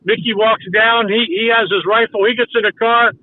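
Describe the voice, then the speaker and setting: Older man, high voice, tinny line. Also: little pitch movement, brisk. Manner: rambling anecdotes full of restarts and acted-out quotes. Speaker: guest, former baseball coach. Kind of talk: casual storytelling. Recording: dry, tinny phone-like sound.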